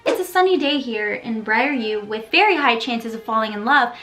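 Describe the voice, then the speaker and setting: A woman's voice: a little high, expressive, moderate pace, music in the background. A woman in her twenties recapping a TV episode in a playful, gossipy way, with sassy asides. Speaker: video creator recapping a TV episode. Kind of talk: casual recap commentary.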